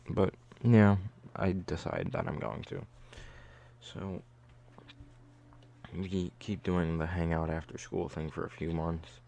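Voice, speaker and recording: A man's voice: low-pitched, takes it slowly, creaky, pauses often, mellow, highs cut off. A young man telling a casual storytime vlog in a loose, chatty way, leaning heavily on "like". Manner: loose, chatty, heavy use of "like". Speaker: vlogger.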